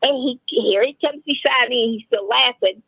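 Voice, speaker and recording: A woman's voice: fairly high pitch, moderate pace, vocal fry, breathy edge, dry recording. An older woman telling rambling personal stories in casual chat, acting out the dialogue as she goes. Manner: chatty, rambling, acts out dialogue. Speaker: open mic storyteller, regular guest. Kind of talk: casual storytelling. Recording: tinny phone line.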